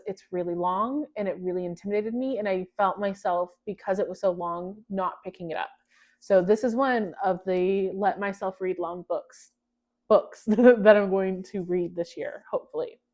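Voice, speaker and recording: A young woman talks casually to her camera, chatty and quick to poke fun at herself. Her voice sits at an ordinary middle pitch. The recording sounds a little dull and lo-fi. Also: darkish tone. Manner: chatty, self-deprecating, restarts and laughs. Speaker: book vlogger.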